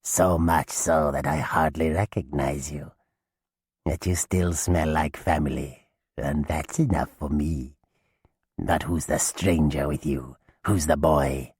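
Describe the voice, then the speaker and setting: Brief: male reader voicing a hungry undead hag from a storybook, croaking, very low and husky, slow menacing drawl. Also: fairly even intonation, darkish tone, no echo, clean studio sound, heavily acted. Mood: suspicious, drawling. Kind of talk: audiobook character voice.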